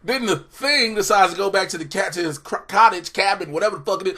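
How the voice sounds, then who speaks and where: A young man hosting a TV review show, ranting in a profane, animated way. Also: high voice, quick pace, hardly any pauses. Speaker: host.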